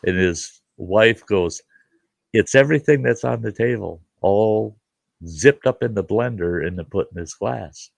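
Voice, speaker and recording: A deep, gravelly man spins a folksy story in easy conversation, laughing along and acting out the voices of the people in it. His voice sits very low, and the sound is dry and close. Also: measured pace, dry recording. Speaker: show host. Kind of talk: casual storytelling chat.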